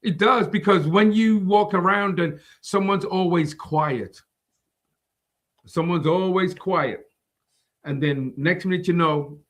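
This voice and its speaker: A man's voice: high voice, slow, fairly bright tone. A man co-hosting a casual faith talk show, laughing often and teasing the others. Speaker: co-host. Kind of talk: casual chat.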